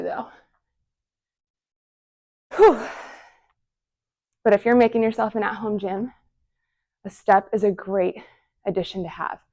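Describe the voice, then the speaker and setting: A woman's voice: mid-range voice, a little mellow. A young woman leading a follow-along home workout, encouraging and counting down reps, audibly out of breath between sets. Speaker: fitness instructor.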